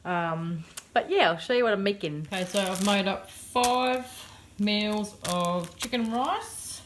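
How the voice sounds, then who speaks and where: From her home kitchen, a thirty-something woman with an Australian accent narrates her daily vlog, chatting and rambling with many fillers. She speaks at a measured pace and medium pitch, over a little hiss or hum.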